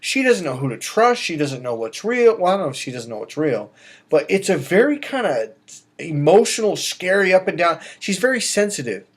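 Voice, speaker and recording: A middle-aged man, a dating coach, giving emphatic advice straight to camera, swinging between loud bursts and quiet asides. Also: sits high, sing-song, moderate pace, slightly rough. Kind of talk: direct-to-camera advice monologue.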